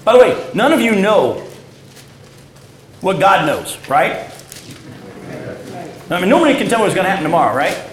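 A man preaching a sermon and reading scripture aloud, swinging between loud emphatic peaks and low, quiet stresses. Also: sing-song, moderate pace, long pauses, echoey room, low-quality recording. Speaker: pastor.

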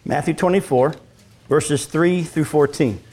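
A man's voice: on the high side, measured pace. A man preaching a sermon as pastor, acting out scripture lines and asking the congregation questions. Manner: animated, acts out scripture lines, talks with congregation.

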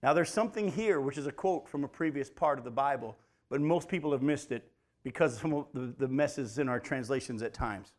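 Speaking a little fast in a mid-range voice, a male preacher gives a conversational sermon teaching the Bible. He addresses his listeners as folks and poses rhetorical questions to them.

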